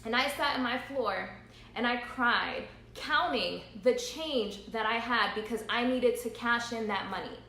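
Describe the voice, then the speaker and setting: A woman's voice: on the high side, a little slow, bright, forceful tone, echoey room, a little hiss or hum. A woman in her thirties speaking earnestly on a livestream, repeating her points and laughing through emotion. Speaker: entrepreneur vlogger. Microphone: phone livestream.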